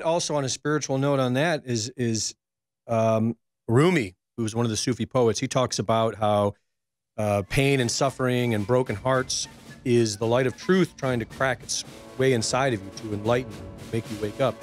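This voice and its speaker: A man, a reporter, talking in a measured, hesitant way during a casual political chat. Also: mid-range voice, fairly even intonation, faint music behind.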